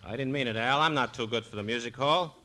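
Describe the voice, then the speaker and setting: A man's voice: mid-range voice, quick pace, pushed and bright. A man playing a sardonic pianist on a 1940s radio comedy show, delivering dry scripted lines. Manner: dry, sardonic, laughs at his own lines. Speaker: pianist and comic guest. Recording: old radio broadcast with noise.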